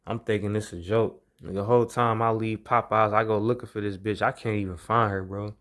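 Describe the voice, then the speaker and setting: A man's voice: on the low side, fairly even intonation, brisk, a bit bright. A young man casually telling a long personal story, rambling and profane, repeating his phrases as he goes. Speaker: vlogger.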